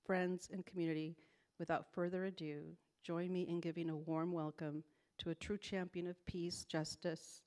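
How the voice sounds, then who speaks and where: Breathless lady reading a formal speaker intro off a page, lowish voice, trips over words. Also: level tone, normal speed, a little mellow. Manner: reads a prepared speech, stumbles and laughs at slips. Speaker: executive director introducing a speaker. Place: event hall.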